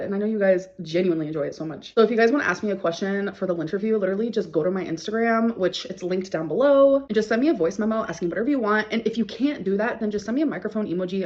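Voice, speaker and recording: A woman's voice: medium pitch, darkish tone, highs cut off. A woman vlogger chatting casually and breezily to her viewers. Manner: breezy, rapid talk to viewers. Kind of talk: casual vlog chat.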